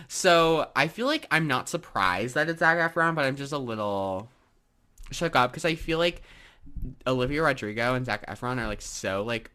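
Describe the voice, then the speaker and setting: A man's voice: mid-range voice, bright, forceful tone. A young man hosting his own solo podcast, chatting casually and gushing, with lots of fillers and "like"s. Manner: chatty, gushing, filler-heavy with many likes. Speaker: podcast host.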